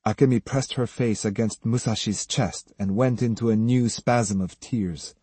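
Man, audiobook narration, measured reading, dark mellow tone, dry close mic. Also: fairly low pitch, husky, no echo. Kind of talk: scripted narration.

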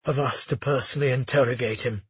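A man's voice: medium pitch, steady tone, quick pace, slightly rough, no room sound, highs cut off. A man doing a desperate, commanding young prince. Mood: grim, controlled. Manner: shouted, demanding pleas.

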